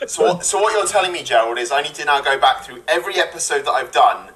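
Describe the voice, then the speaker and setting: A man's voice: fairly high pitch, expressive, fast talker, bright, forceful tone, far from the mic, slight background noise. A man co-hosting a casual panel chat, jokey and teasing. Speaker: co-host.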